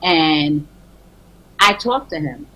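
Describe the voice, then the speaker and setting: A woman author guest on a morning TV show, telling faith stories in a lively way and acting out her talks with God. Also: low-pitched, very slow, rough recording. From Barbados. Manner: lively storytelling, acts out dialogues with God, exclamations. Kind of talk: animated faith talk on morning TV. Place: TV studio.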